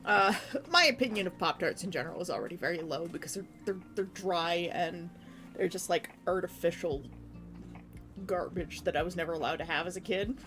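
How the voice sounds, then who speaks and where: A woman's voice: fairly low pitch, fairly bright tone. A young woman from Canada, chatting casually with her stream chat in a rambling way, full of restarts.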